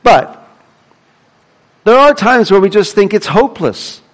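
A man's voice: high voice, very animated, a little slow, poor audio. Man preaching an emphatic sermon. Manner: expository preaching, emphatic repetition, rhetorical questions. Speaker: pastor.

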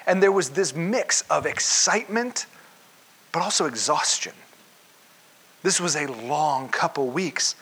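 A man preaching a conversational sermon, acting out quoted voices and dropping to a hush for gentle lines. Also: fairly high pitch, sing-song, measured pace, breathy edge. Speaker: pastor.

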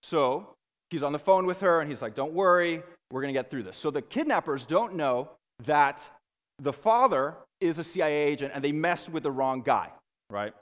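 A man gives a lecture to a room of students, lively and chatty, often stopping to check in with the class. His voice sits a little high for a man. The long reverb of a big hall hangs after his words. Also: moderate pace.

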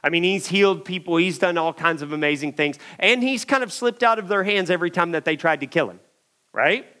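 A man preaching a sermon, telling a story in an animated way and swinging from loud emphasis to hushed moments. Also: fairly high pitch, fairly quick.

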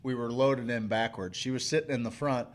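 A man's voice: medium pitch, fairly even intonation, brisk. A man from the St. Louis area in casual chat as podcast co-host, telling a story, swearing freely and laughing often. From St. Louis area, USA.

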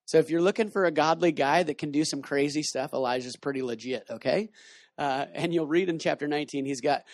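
A man with a fairly high voice gives a relaxed sermon, turning an old story into slangy, animated everyday talk. He switches between loose commentary and reading passages aloud. The sound is dry and close. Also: dry recording. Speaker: missions base director teaching. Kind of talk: casual sermon teaching and Bible reading.

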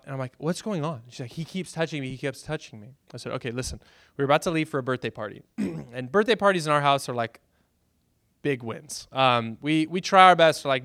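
A pastor, preaching a sermon and telling stories with bursts of loud excitement. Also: male voice, medium pitch, smooth, no room sound, clean studio sound.

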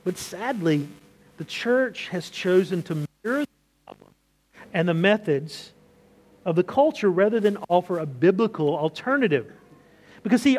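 Pastor, thirties, male, fairly high voice, easy conversational sermon delivery with rhetorical questions.

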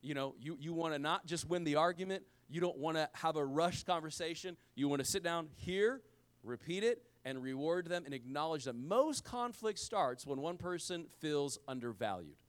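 Middle-aged pastor guy, fairly high smooth voice, casual slangy sermon, goes loud then real quiet. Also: moderate pace. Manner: animated preaching, swinging from loud emphasis to hushed low lines.

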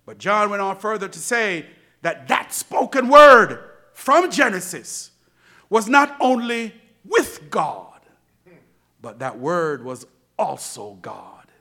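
A man preaching a sermon, building to shouts and dropping to whispers, with slow emphatic repetition. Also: high voice, sing-song. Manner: dramatic, swings from shouting to near-whispers.

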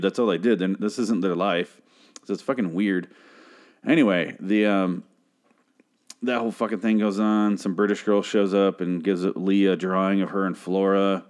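Young male vlogger, lowish voice, swearing rants, exasperated show recap. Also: a little mellow. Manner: ranting, profane, exasperated.

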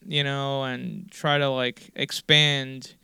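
A man's voice: medium pitch, level tone, slow, vocal fry, bright, forceful tone, clear, resonant tone, no room sound, studio quality. A man in his forties telling a long, rambling story in a casual interview, with lots of fillers and the odd swear word. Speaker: guest musician.

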